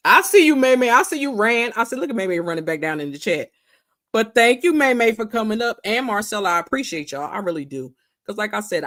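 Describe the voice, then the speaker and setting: A woman's voice: fairly low pitch, a bit bright. Chatty woman livestream host with a drawl. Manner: chatty, greets viewers by name, drawls words out. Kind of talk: casual livestream chat.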